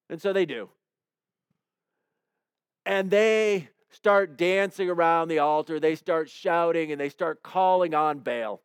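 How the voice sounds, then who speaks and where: A man's voice: fairly high pitch, steady tone, measured pace, clear, resonant tone, dry recording. A man preaching a sermon, retelling a Bible story in a conversational way and acting out quotes with playful humor.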